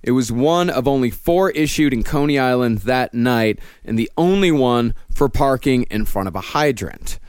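Lively male storyteller, dry sound. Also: moderate pace, few pauses, smooth, no echo. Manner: storytelling, dropping low at ends of sentences. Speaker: podcast host. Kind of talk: true-crime narration in casual chat.

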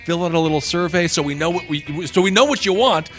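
A man's voice: a little high, fast talker, music in the background. A man hosting a podcast in a loose, joking chat, laughing often. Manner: jokey, animated, laughs often. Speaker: podcast host. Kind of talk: casual comedic chat.

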